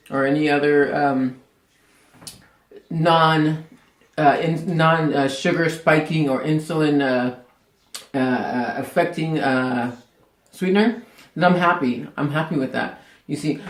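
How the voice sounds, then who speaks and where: A man hosting a casual cooking vlog in a kitchen, chatty and rambling, laughing as he tastes. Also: fairly high pitch. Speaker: cooking show host. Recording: echoey room.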